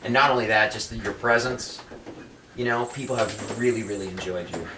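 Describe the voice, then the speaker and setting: A man's voice: fairly low pitch, fairly even intonation, normal speed. A man hosting a casual chat, upbeat and encouraging toward his guest. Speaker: host. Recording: roomy, distant, noisy.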